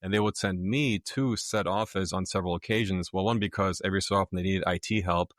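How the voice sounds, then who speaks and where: A middle-aged man who grew up in Germany speaks in a very low voice. He tells stories in a relaxed podcast chat and slips into the voices of the people in his anecdotes. The recording is close and dry. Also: fast, no echo. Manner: animated storyteller, acts out quoted voices. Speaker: podcast guest, author. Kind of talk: casual storytelling chat.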